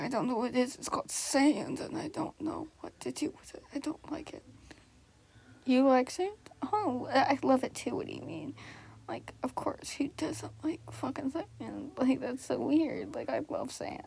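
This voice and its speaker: A woman doing casual improvised fan role-play, flustered and giggly, stammering and dropping into breathy whispers. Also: fairly high pitch, darkish tone.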